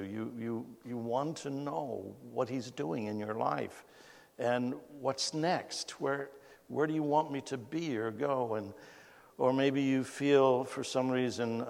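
A man's voice: medium pitch, vocal fry, a little mellow. A man preaching a conversational sermon as pastor, folksy and storytelling, often amused at his own anecdotes. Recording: long hall reverb.

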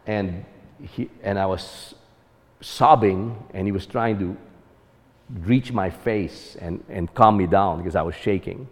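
A man's voice: low-pitched, a little slow, big-room sound. A man telling a personal story about fatherhood as an earnest testimony.

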